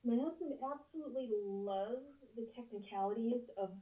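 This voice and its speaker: A woman's voice: on the high side, moderate pace. A woman chatting on a video call in a casual, amused way. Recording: tinny, distant phone-like call audio.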